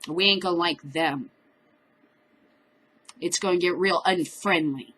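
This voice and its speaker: A woman's voice: lowish voice, measured pace, a bit bright, slight background noise, rough recording. A woman hosting a cannabis news show, reading news stories aloud and breaking off into profane, furious, sarcastic rants. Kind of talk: reading news with angry commentary.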